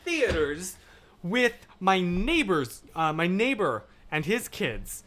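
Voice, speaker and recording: Animated rambling man on a livestream. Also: sits high, slow pace. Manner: animated, rambling, shifts between loud and hushed. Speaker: livestream host. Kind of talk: casual chat reading viewer comments.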